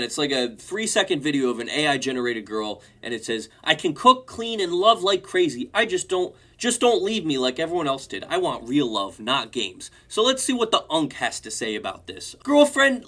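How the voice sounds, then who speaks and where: A man's voice: a little high, a bit bright. A young man hosting a reaction video, mockingly reading online comments aloud. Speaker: host.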